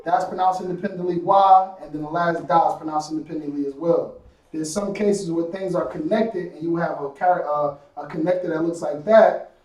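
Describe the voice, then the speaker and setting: A man's voice: fairly high pitch, fairly even intonation, a little fast, darkish tone. A man teaching a live-streamed class, casual and repetitive, with many fillers. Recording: echoey room from far off.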